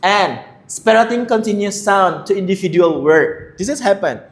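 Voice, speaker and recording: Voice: medium pitch, animated, normal speed. Lecturer leading a class, prods students with questions, roomy classroom echo. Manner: questioning, encouraging, broken English. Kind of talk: classroom discussion lead.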